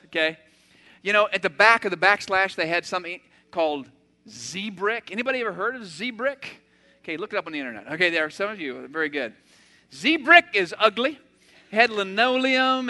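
An older man preaching a sermon, animated and acting out everyday scenes with sudden loud outbursts. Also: high-pitched. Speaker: pastor.

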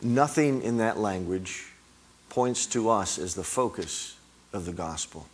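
Slow, low-voiced man preaching. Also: expressive, slightly rough. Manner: emphatic, rising on repeated words. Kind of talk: sermon.

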